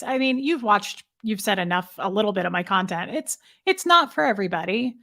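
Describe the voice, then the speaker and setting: A woman in her thirties, a guest creator, chatting candidly and quickly in a friendly way. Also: medium pitch, lively intonation, bright, forceful tone. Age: 30s. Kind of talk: casual conversation.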